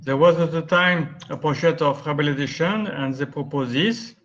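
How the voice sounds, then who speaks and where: A man's voice: fairly high pitch, normal speed, fairly bright tone. Man, French accent, webinar lecture, self-correcting, dull lo-fi sound. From France. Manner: explanatory, with frequent restarts and self-corrections. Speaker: guest speaker, architect.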